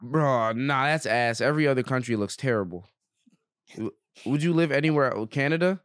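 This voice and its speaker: Young guy on a podcast, says bro a lot, smooth clear voice, dry close sound. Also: mid-range voice, moderate pace, no echo. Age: young adult. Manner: slangy, laid-back, says bro a lot. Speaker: guest comedian. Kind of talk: casual podcast banter.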